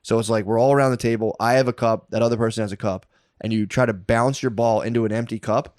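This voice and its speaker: A man co-hosting a comedy podcast. He tells a rambling party story in a loose, animated way, says "dude" a lot, and breaks into loud bursts when he acts out what happened. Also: medium pitch, quick pace, dry recording, studio quality. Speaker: podcast co-host.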